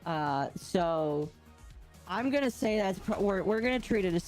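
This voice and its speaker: A woman's voice: lowish voice, animated, unhurried, a little mellow, faint music behind. A woman streaming a game and chatting casually, reading and answering chat with playful puns.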